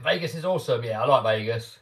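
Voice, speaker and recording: A man's voice: mid-range voice, expressive, quick pace, gravelly. A man with an English accent, talking casually and upbeat to viewers on a live stream, with lots of restarts and fillers. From England. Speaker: RC car YouTuber hosting a live stream.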